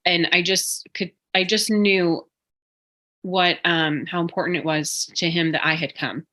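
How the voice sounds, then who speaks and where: A woman in her thirties speaks in a low register with a bright, forceful edge. She muses through casual podcast chat in a reflective, rambling way, often pausing on fillers. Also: steady tone. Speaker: podcast co-host.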